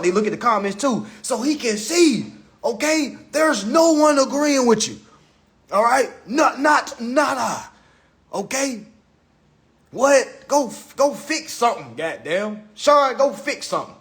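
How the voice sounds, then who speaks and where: Guy ranting on his phone live, high voice all over the place, swearing and preaching. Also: lively intonation, unhurried, a bit bright. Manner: profane, preachy, mocking, repeats himself. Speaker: livestream host. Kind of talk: casual livestream rant.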